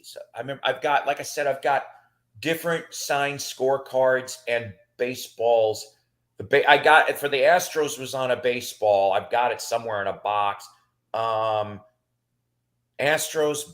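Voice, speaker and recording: A middle-aged man rambling through casual stories in a chat, with lots of fillers and restarts. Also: medium pitch. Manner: rambling and animated, with many fillers.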